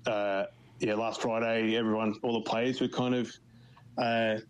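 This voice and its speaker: An Australian man from Melbourne, interviewed on radio, talking in a halting way with many fillers and restarts. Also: lowish voice, little pitch movement, clear, resonant tone, rough recording. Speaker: guest, football club official in Canada.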